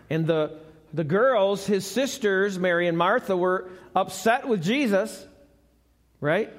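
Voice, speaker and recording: A man's voice: sits high, expressive, takes it slowly. A man preaching a sermon live in a church, talking conversationally and putting questions to the congregation. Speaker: pastor. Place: church sanctuary, recorded live. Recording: long church hall reverb.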